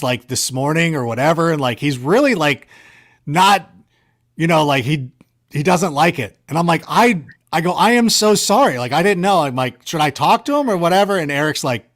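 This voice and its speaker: A man being interviewed, casually rambling through stories in an animated, self-correcting way with a sarcastic streak. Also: fairly high pitch. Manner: sarcastic banter. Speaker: guest. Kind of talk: casual storytelling.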